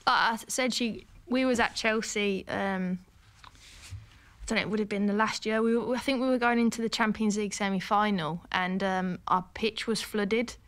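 A woman's voice: mid-range voice, steady tone, normal speed, fairly bright tone. A woman with a Birmingham accent, a former player who now works as a football pundit, earnestly telling a story as a guest on a podcast. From Birmingham, England. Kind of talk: casual chat, storytelling.

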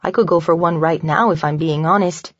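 A woman's voice: low-pitched, steady tone, brisk, no echo. A woman narrator voicing a playful, affectionate young woman in an audiobook, with a light teasing delivery. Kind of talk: audiobook dialogue. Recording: dull lo-fi dry recording.

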